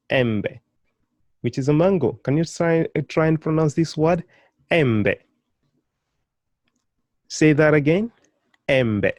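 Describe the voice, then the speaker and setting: A man's voice: mid-range voice, darkish tone, no room sound. Encouraging man teaching pronunciation. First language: Swahili. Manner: encouraging, prompts learners to repeat, praises often; slow, carefully stretched model pronunciations. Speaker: Swahili teacher. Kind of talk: language lesson.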